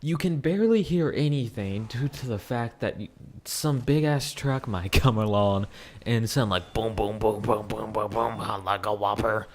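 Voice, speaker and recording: A young man giving casual commentary over gameplay, ranting about his fast food job with swearing and frequent laughs. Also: medium pitch, lively intonation.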